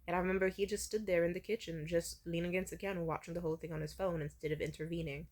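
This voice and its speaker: A woman's voice: fairly low pitch, steady tone, very fast, a little mellow. A young woman telling a personal story candidly in a vlog, swearing freely. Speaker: vlogger.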